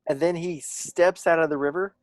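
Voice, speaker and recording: A man narrating as game master of a tabletop game, often pausing and restarting as he searches for words. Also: on the high side, fairly even intonation, dry recording.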